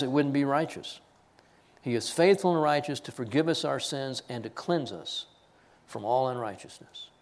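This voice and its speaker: High-voiced male preacher. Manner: animated storytelling with laughs and quoted voices. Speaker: pastor. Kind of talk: sermon.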